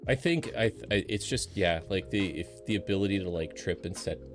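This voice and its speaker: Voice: deep voice, fairly quick, over music. A co-host chatting casually on a stream, hesitant and restarting often. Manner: hesitant, restarts a lot, animated. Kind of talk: casual chat.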